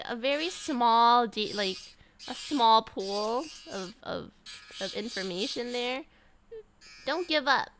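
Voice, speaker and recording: A woman's voice: sits high, fairly bright tone, a little hiss or hum. A young woman streamer chatting casually with her live chat, rambling with lots of "like" and restarts.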